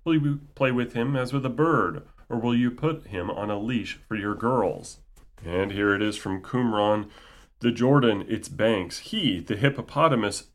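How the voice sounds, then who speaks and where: A man reading scripture passages aloud in a measured way and adding wry commentary between them. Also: mid-range voice.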